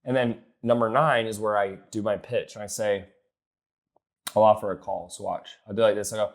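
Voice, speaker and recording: Blunt young man coaching on sales. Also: brisk. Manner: blunt, swears casually, acts out text exchanges in a higher voice. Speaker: business coach. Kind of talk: casual coaching talk.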